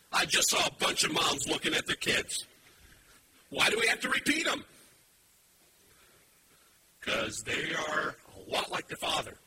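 A man preaching a sermon to a live congregation, animated and emphatic, cracking playful puns. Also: very high voice, gravelly, far from the mic, noisy background. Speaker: pastor.

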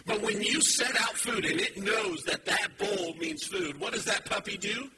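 A preacher man with a fairly high voice delivers a sermon from a church stage. He talks in a relaxed, storytelling way, then climbs into loud, emphatic urging. The recording carries clear background noise. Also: normal speed. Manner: animated, builds to emphatic exhortation. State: has a headache.

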